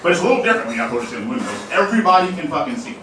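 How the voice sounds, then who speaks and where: A man's voice: a little high, very animated, rapid-fire, a bit bright, slight background noise. A young man doing a loose, profane stand-up set in a comedy club, laughing at his own jokes. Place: comedy club main room. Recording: echoey club room, mic at a distance.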